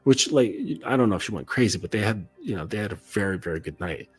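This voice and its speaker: A man with a fairly low, husky voice gives a casual coaching monologue. He talks loosely and conversationally and keeps checking in with the listener. Faint music plays underneath. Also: animated, fast. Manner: loose and conversational, full of "like" and "okay?" check-ins.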